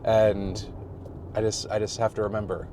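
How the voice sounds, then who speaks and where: A man's voice: fairly low pitch, little pitch movement, normal speed, dark tone, slight background noise. A man in his forties talking casually and candidly to his vlog audience from a parked car, rambling, self-deprecating, laughing often and swearing freely. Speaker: vlogger. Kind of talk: casual personal vlog chat.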